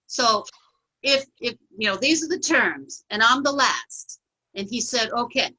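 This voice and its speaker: A middle-aged woman comedian telling a funny story in a lively, laughing group chat. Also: a little high, unhurried, breathy edge, rough recording. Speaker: comedian guest.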